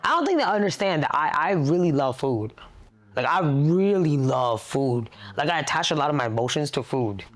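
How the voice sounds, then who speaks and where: A young woman telling a personal story in a therapy session, animated and blunt, swearing freely. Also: deep voice, fast talker. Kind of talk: casual storytelling.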